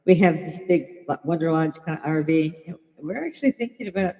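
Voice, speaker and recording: A woman's voice: low-pitched, lively intonation, fairly quick, mellow, long reverb tail, poor audio. An older woman from Chicago hosting a casual livestream, talking bluntly with plenty of swearing and frequent laughter. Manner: blunt and profane, laughing often. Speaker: livestream host. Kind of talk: casual opinionated livestream chat.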